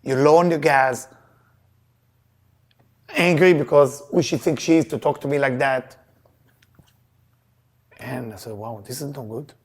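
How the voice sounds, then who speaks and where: A man teaching Kabbalah to a live audience, telling personal stories in an emphatic, animated way with loose grammar. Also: mid-range voice, a little slow, pauses often, husky. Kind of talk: lesson with personal storytelling.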